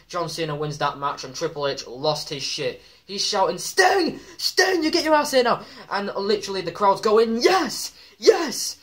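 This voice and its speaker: Excitable male vlogger, slightly higher pitch, chatty commentary with filler ums. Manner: excitable, many ums, acts out quoted shouts. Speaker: wrestling vlogger. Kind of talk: casual commentary vlog.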